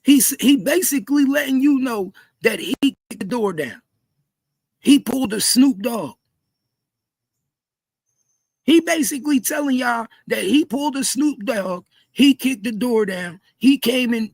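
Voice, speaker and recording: A man doing heated livestream commentary, repeating himself in disbelief and often shouting. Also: very high-pitched, expressive, measured pace, vocal fry, breathy edge, dry recording. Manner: repetitive, incredulous, frequently shouting. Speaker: commentary streamer.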